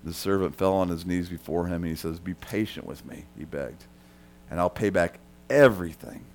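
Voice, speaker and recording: A man preaching a sermon, talking straight to the congregation, dropping to a quiet murmur and then rising loud for emphasis. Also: moderate pace. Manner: swings from soft and quiet to loud and high for emphasis; conversational, addresses listeners directly. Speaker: pastor.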